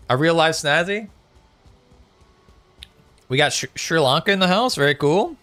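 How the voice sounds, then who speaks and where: A man's voice: fairly high pitch, animated, moderate pace, long pauses, bright, forceful tone, smooth, no echo. A man chatting casually with viewers on a live gaming stream, reading out chat messages with lots of fillers. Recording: faint music behind.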